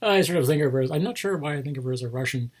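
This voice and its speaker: A man's voice: fairly high pitch, expressive, very fast. A man hosting a casual chat about toy figures, rambling into asides and chuckling often. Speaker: host showing toy figures.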